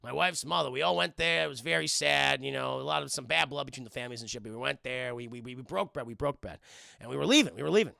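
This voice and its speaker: A man casually recapping a film scene by scene for his live chat, rambling and profane, acting out the characters in quick voices. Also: medium pitch, creaky, bright, forceful tone, dry recording, clean studio sound. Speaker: film review streamer.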